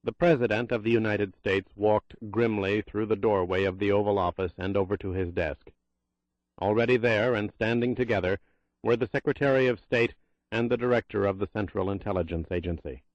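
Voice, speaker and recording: A man reads a thriller audiobook with a tense, measured delivery. His voice is on the low side, recorded dry with a slightly dull, muffled top end. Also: no room sound. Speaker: audiobook narrator. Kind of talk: scripted thriller narration.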